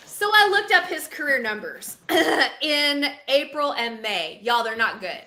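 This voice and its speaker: High bright lady on a sports podcast, super dramatic, laughs at herself, echoey room. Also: a little slow, slight background noise. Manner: animated, dramatic, self-mocking. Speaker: podcast co-host. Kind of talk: casual sports podcast chat.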